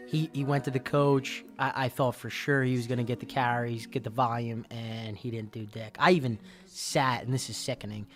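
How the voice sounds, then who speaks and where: A man's voice: medium pitch, fairly even intonation, normal speed, few pauses, a bit bright, faint music behind. Rambling man on a sports podcast. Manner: rambling, stumbles over words, swears. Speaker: podcast co-host. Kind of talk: casual sports chat.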